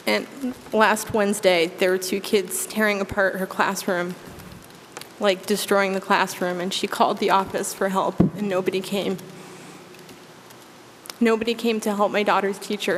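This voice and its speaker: Earnest woman in an echoey hall. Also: medium pitch. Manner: earnest, impassioned appeal. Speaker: school committee member. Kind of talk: public meeting statement. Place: town meeting room. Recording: echoey meeting hall, faint background noise.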